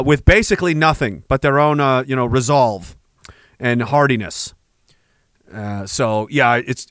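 Male podcast host, profane joker, tense bright tone, dead-dry sound. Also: a little high, no room sound. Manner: profane, joking, slips into put-on accents. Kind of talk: casual livestream talk reading chat.

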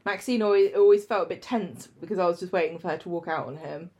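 A woman's voice: lowish voice, quick pace. Chatty woman retelling a story. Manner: chatty, enthusiastic, animated retelling. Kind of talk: casual chat.

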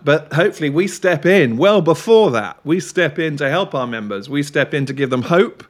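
Chatty man musing on a podcast. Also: medium pitch. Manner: reflective, rambling with restarts and chuckles. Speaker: podcast co-host. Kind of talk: casual podcast chat.

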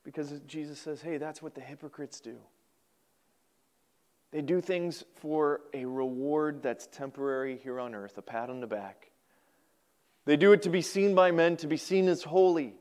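A man preaches from the pulpit with a high, smooth voice. He spins a homespun story with animated swings in his delivery. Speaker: pastor. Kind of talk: sermon with storytelling. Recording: podcast recording.

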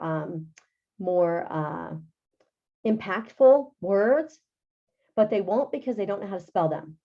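Woman writing teacher, mellow tone, explanatory and chatty, lo-fi sound. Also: medium pitch. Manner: explanatory, chatty with frequent "okay" and "right". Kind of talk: teaching a grammar lesson. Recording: dull lo-fi sound.

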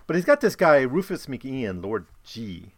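A man's voice: medium pitch, sing-song, normal speed, no room sound. A man casually summing up and discussing a novel, rambling with many fillers and restarts. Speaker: book discussion host. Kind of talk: casual book summary talk.

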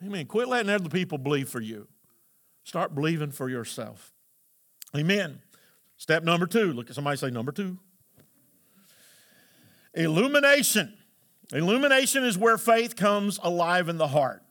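High, bright-voiced preaching man. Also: sing-song, moderate pace. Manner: preaching with call-and-response, rising to shouts. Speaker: pastor. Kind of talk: sermon.

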